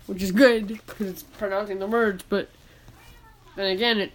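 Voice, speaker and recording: A woman's voice: medium pitch, steady tone, normal speed, a little hiss or hum. A woman in casual chat, telling a rambling story with lots of restarts about her tech class.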